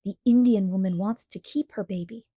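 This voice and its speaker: Woman voicing a stern, calm pioneer father. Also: medium pitch, moderate pace, breathy edge, dry recording, lightly acted. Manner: stern, hushed.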